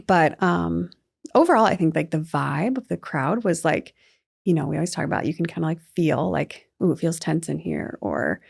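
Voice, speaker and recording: A young adult woman co-hosting a sports podcast, telling stories in a chatty, animated way with lots of fillers. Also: deep voice, moderate pace, vocal fry, slightly rough. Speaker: podcast co-host. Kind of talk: casual sports chat.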